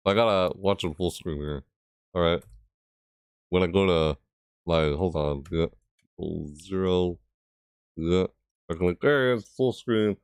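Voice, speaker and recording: With a deep, smooth voice, a man comments informally on a gaming video, drifting through stop-start musings and erupting into loud screeching imitations. The clean studio sound carries no room sound.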